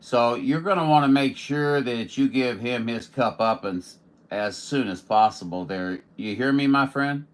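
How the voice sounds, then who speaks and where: A man's voice: mid-range voice, moderate pace, slight background noise. A man from Missouri, a radio operator chatting in a casual, folksy, joking way with other stations. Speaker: radio operator streaming contacts. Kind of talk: casual ham radio chat.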